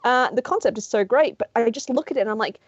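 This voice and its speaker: A woman's voice: a little high, fast talker, no room sound, highs cut off. A woman co-hosting a casual podcast chat, talking with enthusiasm and casual swearing. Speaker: podcast co-host.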